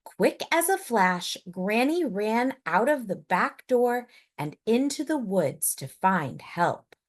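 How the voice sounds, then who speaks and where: A woman reading a picture book aloud in an expressive, unhurried storytelling voice. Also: fairly high pitch.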